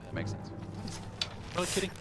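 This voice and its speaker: A man's voice: brisk, loud music behind the voice. A man streaming a video game, chatting casually and thinking aloud with plenty of fillers as he plays. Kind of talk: casual commentary while playing. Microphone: console headset.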